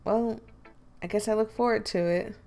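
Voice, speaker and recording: A woman's voice: normal speed, faint music behind, natural voice. A woman doing a dry, awkward teen boy. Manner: lowered, dry and flat. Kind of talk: voice acting a visual novel.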